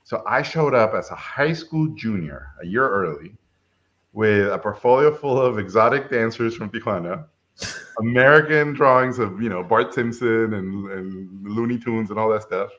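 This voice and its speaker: A middle-aged man from Mexico, a film director, telling a story in a lively way and acting out the people in it. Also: lowish voice, moderate pace, highs cut off. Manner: animated, acts out quoted voices. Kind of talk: casual storytelling chat.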